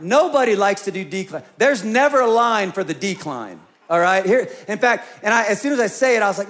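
A man's voice: high-pitched, expressive, fairly quick, few pauses, fairly bright tone. A male pastor preaching a conversational sermon, acting out voices in his storytelling. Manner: conversational, acts out quoted voices.

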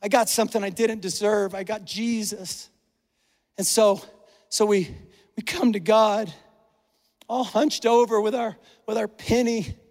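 A man's voice: high-pitched, steady tone, measured pace, pauses often, darkish tone, long reverb tail. A middle-aged man preaching a sermon as a pastor, earnest and conversational, at times openly emotional, speaking to a church congregation on a stage microphone. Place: church hall.

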